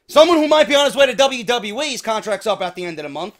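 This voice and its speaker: A man's voice: very high voice, fast talker, hardly any pauses. A man with a New York accent hosts a wrestling show, unboxing merchandise in casual chat full of swearing. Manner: heavy swearing, excitable.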